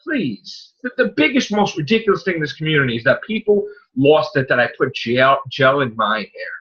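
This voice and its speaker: Ranting man with swooping pitch. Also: sing-song, normal speed, fairly bright tone, lo-fi sound. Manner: exasperated, ranting, swinging pitch. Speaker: podcast host. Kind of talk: heated casual chat.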